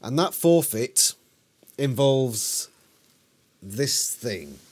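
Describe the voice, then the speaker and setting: Man, animated pitch, wry laughing host, casual chat. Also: drawn-out words. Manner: wry, laughing, explains the rules. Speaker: host of a watch-along show. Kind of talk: casual chat reacting to a TV episode.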